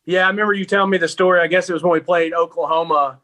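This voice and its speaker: A man's voice: high-pitched, steady tone, racing, sharp tone. A young man co-hosting a sports podcast, telling stories in an easygoing, chatty way. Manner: easygoing storytelling with fillers. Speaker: podcast co-host. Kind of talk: casual sports podcast chat.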